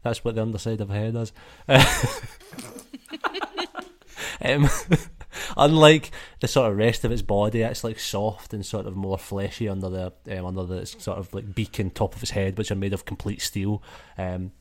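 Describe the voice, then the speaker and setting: A man's voice: fairly low pitch, fairly even intonation, moderate pace. A man narrating and running a tabletop role-playing game in a casual, swearing way with many fillers. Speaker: game master.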